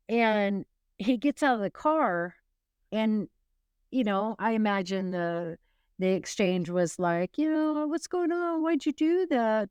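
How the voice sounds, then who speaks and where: A woman's voice: mid-range voice, smooth, dry recording, dull audio. A woman hosting a true crime podcast, retelling a case in casual, rambling storytelling with wry asides and frequent restarts.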